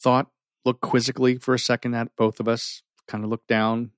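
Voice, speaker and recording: Middle-aged man, heartfelt storyteller on the edge of tears, mid-pitched, dry recording. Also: flat delivery, moderate pace, smooth, dry recording. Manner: earnest, emotional, often drops to near a whisper. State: holding back tears. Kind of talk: personal story told to an audience.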